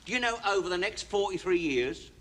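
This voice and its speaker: An actor playing a cheeky, sardonic prison inmate in a 1970s sitcom. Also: male voice, high voice, lively intonation, a little fast, a bit bright. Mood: wry. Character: wisecracking cocky male prison inmate.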